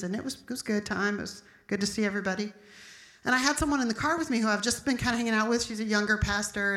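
A woman's voice: a little high, a bit bright, reverberant. A middle-aged woman pastor preaching an emphatic, storytelling sermon.

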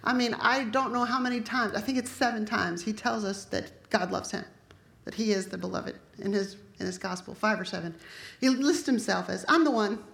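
A woman's voice: medium pitch, moderate pace, creaky, fairly bright tone. A woman preaching a sermon in a chatty, conversational way, dropping joking asides to her congregation. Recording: echoey room.

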